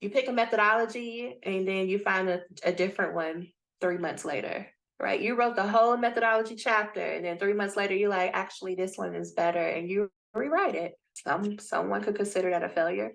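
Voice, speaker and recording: Blunt, lively woman coaching a group. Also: mid-range voice, fairly quick, gravelly. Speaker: dissertation coach. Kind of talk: live coaching session.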